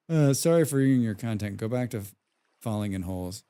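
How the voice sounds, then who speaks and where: Man, game streamer, casual rambling talk, hums while playing, medium pitch. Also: animated, moderate pace, mellow, smooth. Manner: rambling and chatty, reading chat aloud. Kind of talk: live gaming stream commentary.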